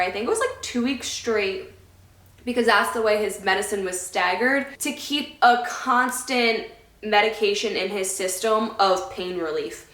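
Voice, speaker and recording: A woman's voice: medium pitch, fairly bright tone. Heartfelt, rambling woman vlogger, echoey room. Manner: heartfelt, rambling, loses her train of thought. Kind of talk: casual sit-down talk to camera. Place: indoor room away from her home.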